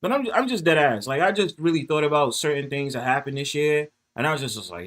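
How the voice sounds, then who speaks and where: A man chats loosely to his livestream viewers through a phone mic. His voice sits a bit high for a man and swings widely in pitch. He is profane and animated, and he laughs often. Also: a little fast. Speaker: livestream host. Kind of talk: casual livestream chat to viewers.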